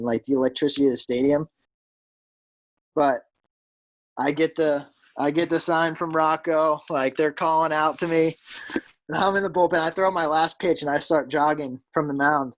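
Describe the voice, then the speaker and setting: A slightly high-voiced young man from South Jersey tells stories casually as a guest in an interview; he's a professional pitcher. The rough recording carries a little hiss or hum. He's an animated storyteller who acts out quotes loudly and leans heavily on "like."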